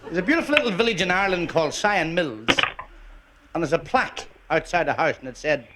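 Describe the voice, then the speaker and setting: A male comedian spins his jokes as short stories, his voice lively in pitch and slightly high. He slows into a deadpan build before each punchline. An old recording with a loud hiss sits under him. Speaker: stand-up comedian. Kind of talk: stand-up storytelling.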